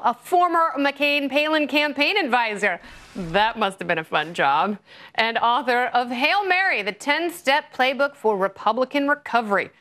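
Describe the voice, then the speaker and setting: Woman host on a tv panel, cracking jokes, kinda high voice. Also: fairly bright tone. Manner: flippant, joking. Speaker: talk show host. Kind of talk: TV panel show.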